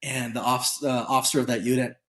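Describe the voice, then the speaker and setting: A man guest on an interview show, telling a story in a candid, casual way with lively acted-out bits of dialogue. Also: medium pitch, fast. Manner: animated storyteller who acts out quoted dialogue; candid, casual, occasionally swears. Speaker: podcast guest.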